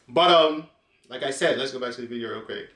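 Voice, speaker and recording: A man's voice: medium pitch, moderate pace, fairly bright tone. A man from Africa hosting, chatting to camera in an emphatic, casual way as he reacts to a clip. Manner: emphatic, chatty, addresses viewers directly. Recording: roomy echo.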